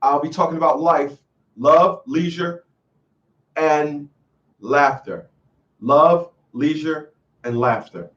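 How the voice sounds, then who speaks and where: A man's voice: fairly high pitch, slow, long pauses, a bit bright, distant mic, highs cut off. A man hosting a call-in show, lecturing emphatically and repeating lines for effect. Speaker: radio call-in host. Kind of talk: preachy call-in commentary.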